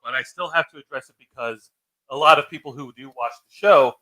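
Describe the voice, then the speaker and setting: A man's voice: medium pitch, a little fast, pushed and bright, poor audio. A man co-hosting a live-stream chat, earnestly addressing viewers directly. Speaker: podcast co-host.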